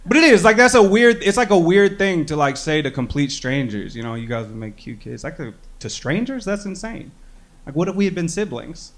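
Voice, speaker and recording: On a comedy club stage in front of a crowd, a young Midwestern stand-up comic runs through a loose, self-mocking set, saying "you know" a lot. His high voice is very animated and brisk, with slight background noise.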